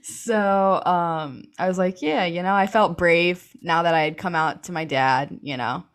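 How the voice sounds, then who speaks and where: Young adult woman, interview guest, low-pitched, chatty storyteller who laughs a lot. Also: unhurried, clean tone. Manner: chatty, full of "like" and "um", laughs often. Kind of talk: casual personal storytelling.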